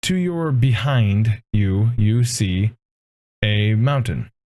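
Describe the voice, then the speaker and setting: A man's voice: on the low side, takes it slowly, warm tone. A man narrating a tabletop role-playing game as game master, in a casual, profane way.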